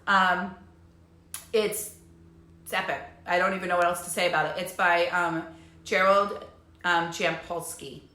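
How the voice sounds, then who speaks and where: A woman's voice: lowish voice, little pitch movement, normal speed, bright, forceful tone. A woman talking in a casual live stream as a life coach, bubbly and chatty with lots of fillers. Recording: echoey room.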